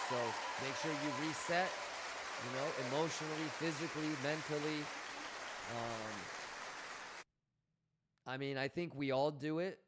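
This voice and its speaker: A man's voice: on the high side, fairly bright tone. Blunt, swearing male streamer. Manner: blunt, profane, coaching tone, reads chat aloud. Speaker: livestream host. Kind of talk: casual livestream chat.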